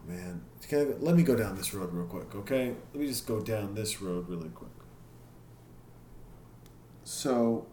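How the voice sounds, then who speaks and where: A man's voice: on the low side, mellow, a little hiss or hum. Male podcast host, casual confessional monologue, curses freely, echoey room. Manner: candid, self-critical, swears freely. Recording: echoey room with faint ambience.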